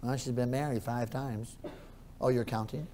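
Male pastor, sermon, hushed storytelling then loud preaching, repeats phrases. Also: medium pitch, fairly even intonation, moderate pace, a little hiss or hum.

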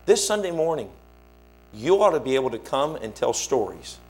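A man's voice: medium pitch, normal speed. A male pastor, preaching a sermon and telling stories, acting out the people he quotes. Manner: animated storyteller, acts out quoted voices. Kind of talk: sermon storytelling.

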